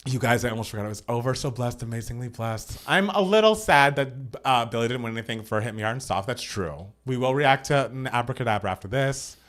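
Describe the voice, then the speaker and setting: Gushing young man with a lively voice. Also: mid-range voice, fast talker, few pauses. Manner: gushing, animated, reads out viewer comments. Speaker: podcast co-host. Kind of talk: excited live-stream chat.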